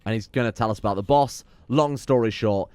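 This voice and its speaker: A man's voice: fairly low pitch, fairly quick, darkish tone, clear, resonant tone, dry recording. Sweary, sarcastic man narrating gameplay. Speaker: gameplay commentator. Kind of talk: let's play commentary.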